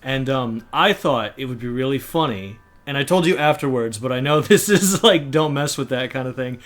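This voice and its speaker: A man's voice: medium pitch, expressive, moderate pace, a bit bright. A young man hosting a casual podcast, teasing his friend and retelling a prank with bursts of laughter. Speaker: podcast host. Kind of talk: casual chat.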